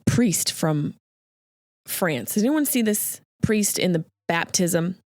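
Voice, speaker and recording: A woman hosting a podcast, telling a comic story in an animated, jokey way and acting out the voices of the people in it. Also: on the low side, takes it slowly, no echo, clean studio sound. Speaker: podcast host. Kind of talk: comedic storytelling monologue.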